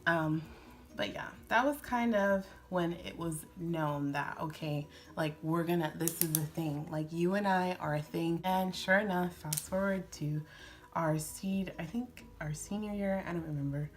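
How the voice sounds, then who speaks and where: A woman's voice: lowish voice, unhurried. A young woman vlogging as she does her makeup, telling a sweet love story in a casual, emotional way, teary and slipping into whispers now and then. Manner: emotional, tearful, breaking into whispers and laughs. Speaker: beauty vlogger. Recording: faint background music.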